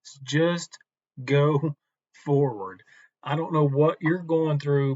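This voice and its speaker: A man teaching from the Bible in a relaxed, conversational devotional talk, unhurried and with some restarts. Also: a little high, dry recording, dull audio.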